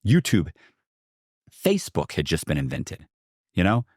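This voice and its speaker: Middle-aged american guy rambling through a story, really low voice, dry close mic. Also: wildly swooping pitch, a little slow, darkish tone, no echo. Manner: rambling, many restarts and asides. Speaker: podcast guest. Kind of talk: casual storytelling.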